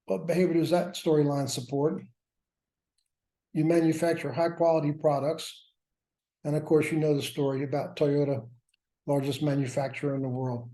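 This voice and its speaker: A man's voice: on the high side, flat delivery, moderate pace, warm tone. A man teaching a workshop class, lecturing with wry, self-mocking asides. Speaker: workshop instructor. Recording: roomy echo.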